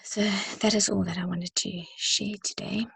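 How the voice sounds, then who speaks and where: A woman leading a church gathering, reading a prayer poem aloud in a soft, slow and reflective way that often drops close to a whisper. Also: mid-range voice, steady tone, creaky, breathy edge, no echo. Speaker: church leader.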